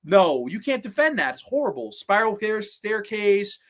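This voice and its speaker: Very animated and medium in pitch, the host's voice moves at a moderate pace while ranking horror films on a livestream podcast. Opinions spill out bluntly with plenty of profanity, frequent restarts, trailing asides and responses to viewers.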